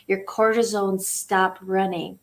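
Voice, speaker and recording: A woman speaking as a spiritual coach in a casual interview, animated and laughing often as she acts out inner voices. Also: mid-range voice, takes it slowly.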